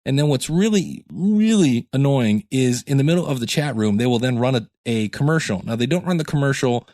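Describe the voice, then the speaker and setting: A man hosts his own podcast in casual solo talk, rambling with jokey asides and sounding tired from too little sleep. His mid-range voice is a little mellow and a bit fast, with lively intonation, captured in a dry, clean studio recording.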